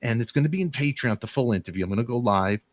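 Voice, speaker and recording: A middle-aged man hosting a talk show, rambling through animated, emotional storytelling and quoting friends. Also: mid-range voice, very fast, dry recording. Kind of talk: emotional casual chat.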